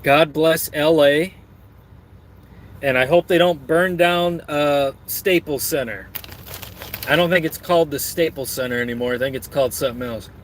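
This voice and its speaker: Streamer type, man, rambling and crude, joking with chat, a bit high-pitched. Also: normal speed, slight background noise.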